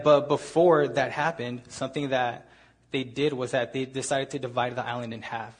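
A young man giving a casual storytelling talk to a gathering, relaxed and chatty, leaning on filler words. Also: mid-range voice. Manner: relaxed, chatty, leans on "like" and "ended up". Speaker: speaker at a gathering.

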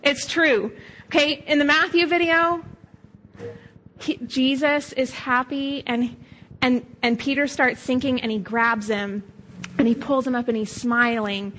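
A woman's voice: sits high, fairly even intonation, unhurried, fairly bright tone, a little hiss or hum, rough recording. A middle-aged woman pastor preaching a sermon in a conversational, storytelling way, acting out quoted voices.

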